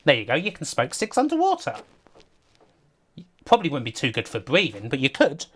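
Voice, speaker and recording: A man's voice: fairly high pitch, huge pitch swings, fairly quick, a bit bright, husky. A man giving casual, rambling livestream commentary over a game, laughing often and talking to his chat. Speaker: streamer.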